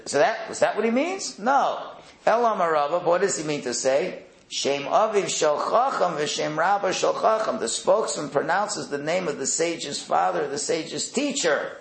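Guy teaching talmud class, kinda high gravelly voice, echoey room, restarts a lot, terms. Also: expressive, moderate pace, hardly any pauses. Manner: conversational, repeats and restarts, mixes Hebrew and Aramaic terms.

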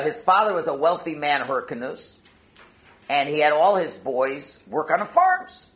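A man teaching through storytelling, animated and conversational, swinging between loud stretches and hushed ones. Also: fairly high pitch. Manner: conversational asides and restarts. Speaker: Torah teacher. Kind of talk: storytelling talk.

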